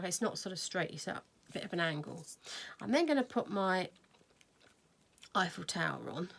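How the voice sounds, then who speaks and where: Chatty crafting woman with a gravelly voice. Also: medium pitch, a little hiss or hum. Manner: chatty, thinks aloud, muttering asides. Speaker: craft video host. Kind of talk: casual crafting tutorial chat.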